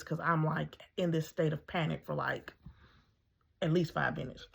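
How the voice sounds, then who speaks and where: A woman's voice: sits low, normal speed, vocal fry, pauses often, husky. A middle-aged woman, a mother, telling her own story in a casual, conversational way, full of ums and acting out her own thoughts.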